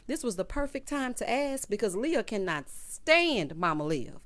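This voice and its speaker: A woman's voice: fairly high pitch, big pitch swings, moderate pace, hardly any pauses, fairly bright tone. A woman recapping a TV episode in a sassy, chatty way, talking straight to her viewers. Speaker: TV recap vlogger. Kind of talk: casual episode recap commentary.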